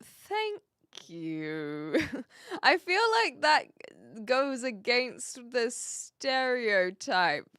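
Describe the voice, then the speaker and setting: A woman's voice: high voice, expressive, extremely slow, a bit bright, dry recording, clean studio sound. Chatty woman with a light Kiwi accent. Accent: light New Zealand. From New Zealand. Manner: chatty, laughs often, trails off mid-sentence. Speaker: streamer. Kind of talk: casual live-stream chat with viewers.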